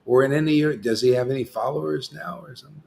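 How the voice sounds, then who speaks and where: A man's voice: medium pitch, fast, creaky, a little mellow. A man hosting a casual spiritual discussion, rambling and often saying "see" and "you know.". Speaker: host.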